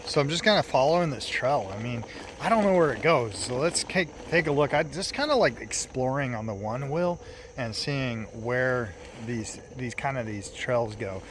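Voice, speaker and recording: A man's voice: mid-range voice, expressive, normal speed. A man vlogging his RV trip in a casual, rambling way, full of fillers and chuckles, as he rides a trail at a campground. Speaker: RV travel vlogger. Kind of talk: casual vlog narration. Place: outdoors at a campground, riding along a trail. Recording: noisy outdoor recording. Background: outdoor ambience and noise.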